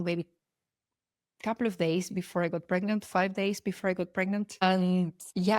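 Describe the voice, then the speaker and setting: A woman's voice: fairly low pitch, darkish tone, no room sound, clean studio sound. A young adult woman hosting a personal podcast, talking in an earnest, heartfelt way with loose, rambling sentences and frequent restarts. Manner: earnest and heartfelt, openly spiritual. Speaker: podcast host.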